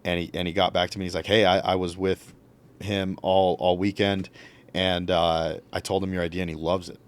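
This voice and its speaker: A man's voice: low voice, normal speed, clear, resonant tone. A young man, a podcast guest, telling a story casually and acting out what others said. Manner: animated, acts out quotes.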